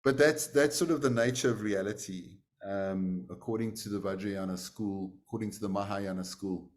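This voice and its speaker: A man's voice: on the low side, normal speed. A man teaching a class, telling a story in a conversational way with many fillers. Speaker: meditation teacher. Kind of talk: storytelling in a lesson.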